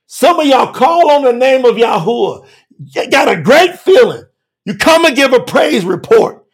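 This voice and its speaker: High, gravelly shouting preacher man. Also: sing-song, normal speed. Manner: emphatic, swings between shouting and low asides. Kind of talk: sermon.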